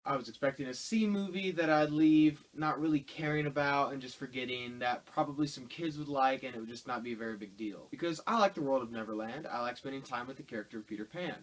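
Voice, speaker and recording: A man's voice: medium pitch, fast, few pauses, poor audio. A man giving a casual, ranting film review, exasperated and sarcastic as he rambles through his complaints.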